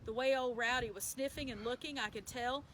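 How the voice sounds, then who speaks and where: A woman's voice: on the high side, a little fast, fairly bright tone, a little hiss or hum, low-quality recording. A woman reading a children's novel aloud as a bedtime story, in a plain storytelling manner with small slips and self-corrections. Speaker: story reader.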